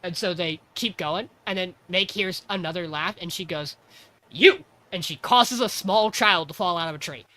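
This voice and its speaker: A man hosting a podcast, casually recapping an anime episode in an animated way. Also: high-pitched, normal speed, few pauses. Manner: animated, acts out character lines. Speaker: podcast host.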